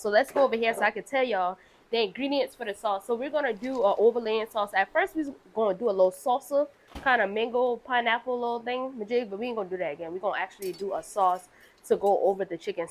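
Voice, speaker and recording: A young woman, casually hosting a cooking show and chatting through the ingredients. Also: a little high. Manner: chatty and playful, walks viewers through ingredients.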